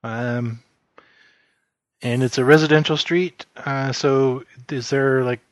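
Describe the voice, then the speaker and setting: A man's voice: mid-range voice, fairly even intonation, slow pace, no echo. A man playing a character in a tabletop game, formal and genteel when in role. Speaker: player.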